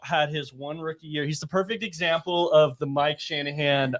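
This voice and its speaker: A man's voice: on the high side, steady tone, moderate pace, fairly bright tone. Agreeable male co-host chiming in. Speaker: podcast co-host. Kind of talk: casual sports chat.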